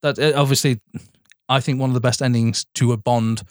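This podcast co-host chats eagerly and casually about films, swearing and repeatedly calling his friend "mate." His voice is medium-pitched and steady, a little fast. The recording is dry with clean studio sound.

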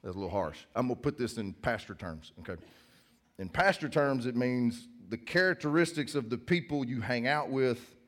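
A man's voice: medium pitch, lively intonation, moderate pace, fairly bright tone. A middle-aged man preaching a sermon in church as the pastor, telling jokes and stories in a casual, chatty way. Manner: casual, joking storyteller.

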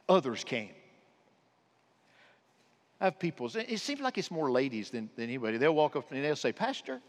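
A man preaching a sermon as pastor, swinging between impassioned and hushed delivery in a church. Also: medium pitch, in a large hall. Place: church sanctuary.

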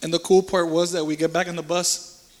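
A man's voice: a little high, flat delivery, a little fast. Earnest man in an echoey hall. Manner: earnest and emotional, casual slang, repeats words. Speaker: church member giving a testimony. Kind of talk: personal faith testimony. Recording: reverberant hall.

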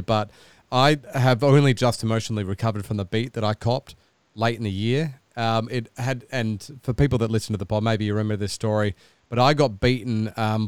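Smooth-voiced teasing host. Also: male voice, mid-range voice, dry recording. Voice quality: teasing, laughing often. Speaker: podcast co-host. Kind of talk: casual banter.

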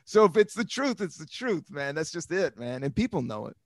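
A man, a comedian, hosting a casual podcast chat in a loose, laid-back, swearing way with animated stories. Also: a little high, brisk, no room sound, clean studio sound. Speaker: comedian host.

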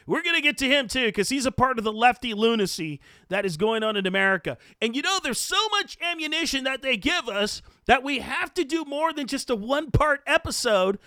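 A man hosting a podcast, delivering an indignant, loud, mocking political commentary rant. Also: very high-pitched, lively intonation, a little fast, few pauses, no echo, studio quality. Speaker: podcast host.

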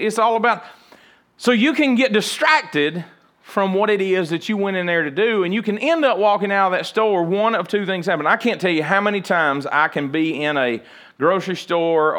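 A man's voice: high voice, a bit bright. A man preaching a sermon as pastor, in a conversational, joking way that acts out little everyday scenes.

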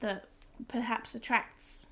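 A woman's voice: fairly high pitch, fairly even intonation, slow, fairly bright tone, a little hiss or hum. A woman guest on a podcast, chatting casually and hesitantly, often restarting and trailing off. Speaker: guest photographer.

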